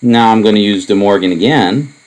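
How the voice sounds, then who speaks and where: A man lecturing on propositional logic, explaining in a relaxed, wandering way with many asides and fillers. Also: on the low side, a little fast, poor audio. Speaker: math lecturer. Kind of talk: recorded lecture.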